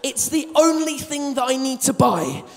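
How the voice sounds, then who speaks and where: An English man in his thirties doing self-mocking stand-up comedy on a theatre stage, with animated storytelling and plenty of swearing. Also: extremely high pitch, normal speed. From England. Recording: live theatre hall reverb.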